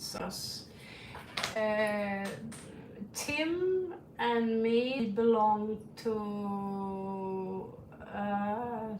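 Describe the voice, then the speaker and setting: Brief: Norwegian-accented woman, tarot-reader livestream chat, slightly high voice, speaks from away from the mic. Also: a little hiss or hum. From Norway. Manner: rambling, chuckling, swears casually. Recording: echoey room, distant from mic.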